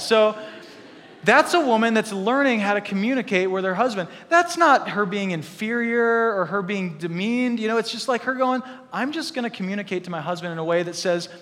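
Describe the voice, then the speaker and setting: A man in his thirties delivers a sermon in a high, buoyant voice. He is animated and jokes with the congregation between points. A long reverb from the church hall trails each phrase. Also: fairly quick. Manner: animated, joking asides to the congregation. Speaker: pastor.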